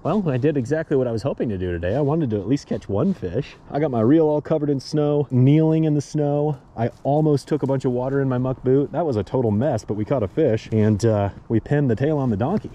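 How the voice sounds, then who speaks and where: A man hosting a fishing vlog, talking in an enthusiastic, excitable way outdoors by a snowy stream. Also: medium pitch, a little fast, hardly any pauses, dull audio. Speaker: fishing channel host.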